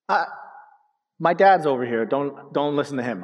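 A man's voice: a little high, animated, normal speed. A man in his thirties preaching a sermon as pastor, telling stories animatedly and speaking directly to the congregation. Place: church sanctuary. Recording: hall reverb.

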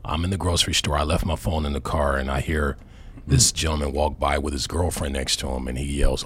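A man hosting a casual radio talk show, telling stories in a lively way and acting out other people's words. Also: mid-range voice, quick pace, vocal fry, breathy edge, dry recording. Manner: lively storyteller, acts out quoted voices. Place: radio studio. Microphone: studio microphone.

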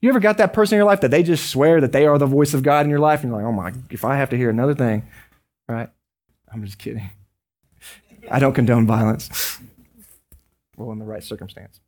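A man preaching a sermon as a pastor, conversational and joking with quick asides. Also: mid-range voice, a little mellow.

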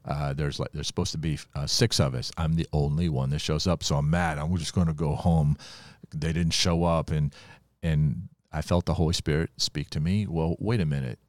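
A man from Ohio telling a personal testimony on a podcast, in an animated storytelling manner and chuckling often. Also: a bass voice, moderate pace, no room sound. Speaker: preacher sharing his testimony.

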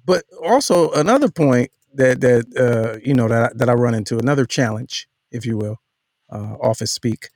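A middle-aged man co-hosting a casual podcast chat, reading listener comments and telling animated stories. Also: medium pitch, moderate pace, dry recording, clean studio sound. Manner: animated storyteller, reads listener comments aloud. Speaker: podcast co-host.

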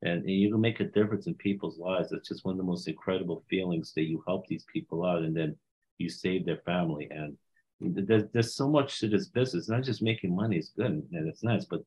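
A man hosting a podcast, reflecting on his guest's story in a halting way, often repeating words as he goes. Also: low-pitched, a little mellow, husky, poor audio. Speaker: podcast host. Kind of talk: casual interview chat.

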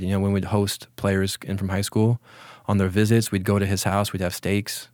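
A man's voice: fairly low pitch, normal speed, few pauses, dry recording, studio quality. Reflective man telling old football stories. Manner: relaxed, reflective, many restarts and fillers. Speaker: interview guest, former college football player. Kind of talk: casual storytelling in an interview.

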